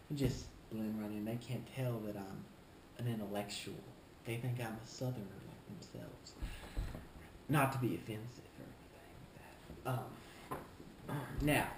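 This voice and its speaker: A man playing a smug, self-important male shoe store clerk in a comedic vlog monologue, talking in a deliberate, condescending way. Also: mid-range voice, darkish tone, a little hiss or hum. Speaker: shoe store employee character. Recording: roomy echo, faint ambience.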